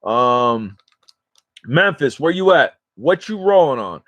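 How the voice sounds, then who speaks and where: Male home vlogger with a New York accent, loose rambling slang, mid-pitched voice, dry close sound. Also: sing-song, slow pace, fairly bright tone, dry recording, lo-fi sound. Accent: New York/New Jersey. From New York or New Jersey area. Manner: rambling, slangy, easily sidetracked. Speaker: smoking vlogger and livestream host. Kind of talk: casual livestream chat to viewers. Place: at home in a recliner.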